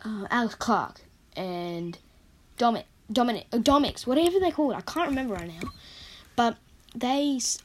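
A young woman with a croaky voice, rambling in a casual vlog about her favourite movies and correcting herself often. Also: on the high side, expressive, normal speed, darkish tone, slight background noise. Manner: rambling, chatty, self-correcting. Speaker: vlogger. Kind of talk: casual movie countdown chat.

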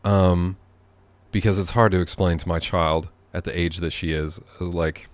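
A very deep-voiced man hosting a podcast from his living room. He rambles sardonically and swears freely, drifting off into asides as he goes. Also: steady tone, unhurried, no echo. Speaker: podcast host. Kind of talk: rambling comedic monologue.

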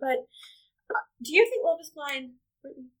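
Woman, casual chat, blunt interjections, slightly higher voice. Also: expressive, moderate pace, poor audio.

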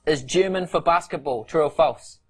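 A man with a New Zealand accent quizzes someone and keeps tripping over his words. His voice is slightly husky. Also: fairly high pitch, normal speed, a bit bright. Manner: stumbling, self-deprecating. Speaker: quiz host. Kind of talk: casual quiz interview.

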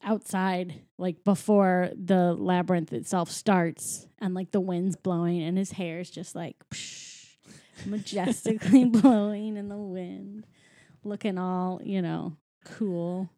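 Slow, mellow-voiced woman retelling a movie. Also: lowish voice, fairly even intonation, no room sound, studio quality. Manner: chatty, retells scenes with quick quoted voices. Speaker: podcast co-host recapping a film. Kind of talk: casual chat.

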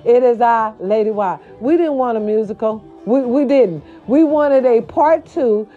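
A woman's voice: on the high side, a little slow. A woman hosting her own show, chatting casually and sassily about celebrity gossip with slangy asides. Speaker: host. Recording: dull lo-fi sound with faint music.

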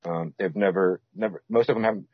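Husky guy guest rambling and restarting a lot, lowish voice, dry dull audio. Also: no room sound. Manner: rambling, halting, many restarts and fillers. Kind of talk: casual podcast interview. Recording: dull lo-fi sound.

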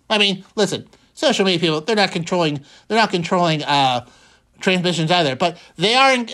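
A man's voice: high voice, bright, forceful tone. A male talk radio host speaking in a running monologue. He is wry and sarcastic, repeats his own lines for emphasis, and leans on folksy exclamations.

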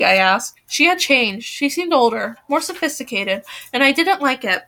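A woman reading a novel aloud, steady, with small slips and restarts. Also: fairly high pitch, moderate pace, hardly any pauses. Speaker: reader.

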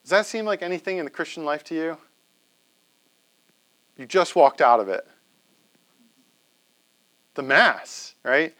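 Guy lecturing a class, kinda high voice, keeps saying right?. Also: animated, measured pace, pauses often, fairly bright tone. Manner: conversational, asks "right?" often.

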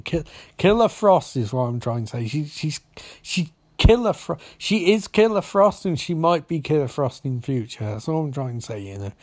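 A man's voice: mid-range voice, darkish tone, no room sound. A man giving a casual, rambling recap of a TV episode, sarcastic and profane. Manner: sarcastic, profane, full of restarts and fillers.

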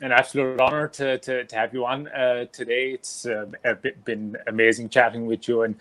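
A male interview host with a mid-range voice speaks haltingly, filling pauses with "uh". He keeps thanking his guest eagerly. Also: mid-range voice, flat delivery, fairly bright tone. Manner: halting, many "uh" fillers, enthusiastic thanks. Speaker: podcast host. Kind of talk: casual interview.

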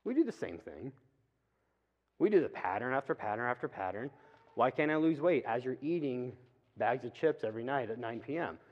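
A man's voice: medium pitch, very animated. Guy preaching super casual, lots of asides, echoey church hall, kinda dull muffled audio. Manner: chatty, acts out quick asides and voices. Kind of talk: casual conversational sermon. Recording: reverberant hall, dull lo-fi sound.

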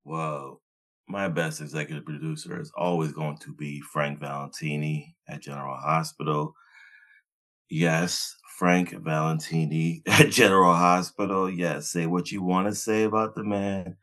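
A man's voice: very deep voice, fairly even intonation, measured pace, fairly bright tone. A man co-hosting a casual podcast who talks emphatically and bluntly and swears freely. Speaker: podcast co-host.

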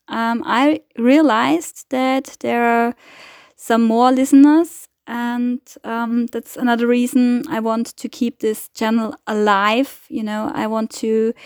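Woman podcast host, higher voice, slow hesitant delivery full of fillers, dry close sound. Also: dry recording. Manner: hesitant, halting, many fillers and restarts. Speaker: podcast host giving weekly updates. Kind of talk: casual spoken appeal.

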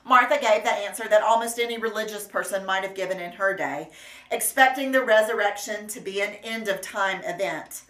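Earnest woman preaching a sermon. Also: medium pitch. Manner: earnest, measured, gently emphatic. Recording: roomy echo.

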